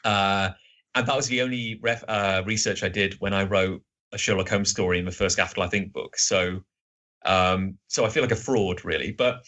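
A man in his thirties, a podcast guest, chatting in a rambling, self-deprecating way with lots of fillers and a slightly husky voice. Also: low-pitched, fairly even intonation, moderate pace, bright, forceful tone. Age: 30s. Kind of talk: casual podcast chat.

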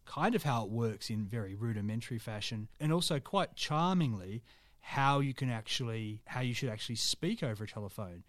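A man's voice: medium pitch, dry recording. Male podcast co-host, jokey, reads archive items; dry close-miked sound. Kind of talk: casual history chat, reading old news aloud.

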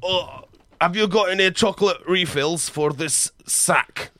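A man hosting a comedy podcast who runs an improv game and plays along, playful and quick to laugh. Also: high-pitched, bright, forceful tone, dry recording.

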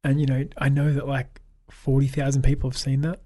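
A man's voice: medium pitch, monotone, a little fast, mellow. Man, Australian accent, podcast guest, upbeat, anecdotal, casual. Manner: upbeat anecdotal storyteller, acts out quoted dialogue. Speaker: guest photographer. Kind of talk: casual conversational interview.

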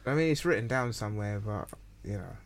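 Laid-back man with a lively voice. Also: fairly low pitch, fairly quick, crowd noise. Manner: laid-back, laughs easily. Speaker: comedian guest. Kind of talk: casual chat.

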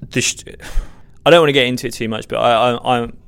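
A man's voice: medium pitch, steady tone, fast talker, vocal fry, fairly bright tone, smooth. A man, a stand-up comedian, giving candid, self-deprecating and rambling answers in a podcast interview.

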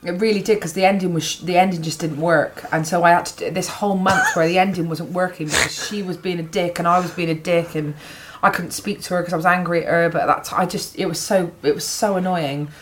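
Bristol-accented woman comic, 30s, low-ish voice, chatty storyteller. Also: brisk, hardly any pauses, noisy background. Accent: Bristol English. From England, Bristol. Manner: animated anecdotes, swears freely, laughs often. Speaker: comedian guest. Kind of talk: casual podcast chat, storytelling.

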